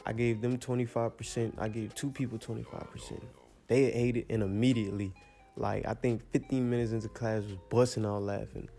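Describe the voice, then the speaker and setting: A teenage young man casually telling a rambling storytime, full of slang and animated asides. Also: mid-range voice, fairly quick, gravelly, soft background music. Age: teens.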